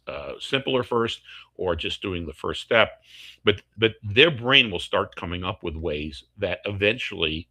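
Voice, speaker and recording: A man's voice: low-pitched, pushed and bright. A man, a course instructor, explaining teaching techniques step by step through worked examples over a video call.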